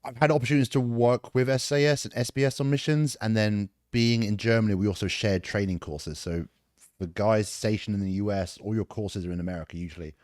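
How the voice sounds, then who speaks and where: British guy in his 40s, low voice, laid back storyteller, swears a bit, dry close sound. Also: steady tone, a little fast, a little mellow, no echo. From England. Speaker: podcast guest, army veteran. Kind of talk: casual interview.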